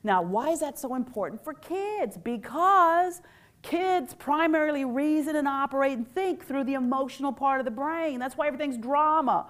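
A woman presenting a workshop to a live audience, playful and animated, asking questions and pulling the room in. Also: high voice, normal speed. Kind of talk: lively talk to a live audience.

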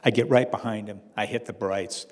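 A man's voice: on the low side, steady tone, a little fast, in a large hall. A man telling a personal story to an audience with wry, dry humor.

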